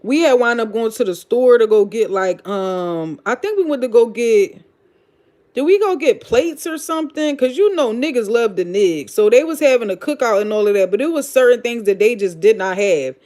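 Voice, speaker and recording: A woman's voice: on the high side, animated, normal speed, darkish tone. A woman with a Philadelphia accent hosting a casual livestream, reading comments and telling gossipy stories in a loose, profane, blunt way. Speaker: livestream host.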